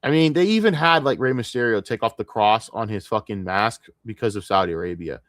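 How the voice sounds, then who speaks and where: A man's voice: fairly low pitch, animated, brisk, fairly bright tone, no room sound, clean studio sound. A man from the United States ranting on a casual livestream, frustrated and profane, rambling with many restarts. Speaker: streamer.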